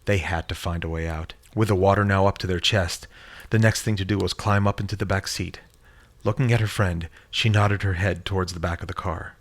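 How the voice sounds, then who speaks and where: A man reading a horror story in a measured, dramatic storytelling manner. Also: low voice, steady tone. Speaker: narrator. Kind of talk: scripted horror story narration.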